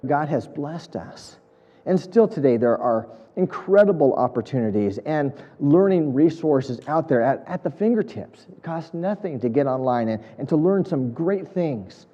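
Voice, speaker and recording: A man's voice: a little high, animated, normal speed, mellow, in a large hall, dull audio. A man preaching an earnest, emphatic sermon, building points through repetition. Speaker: pastor.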